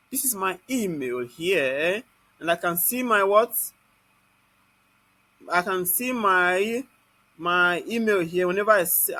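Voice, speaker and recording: A man with a Nigerian accent leads a live online software class. He keeps asking the class "what?" and then answers it himself. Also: high voice, no echo. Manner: scolds students in Nigerian Pidgin.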